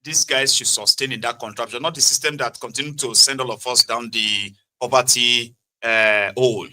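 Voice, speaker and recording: A man hosting a political talk show, measured and rhetorical. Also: medium pitch, fairly even intonation, pushed and bright. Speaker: host.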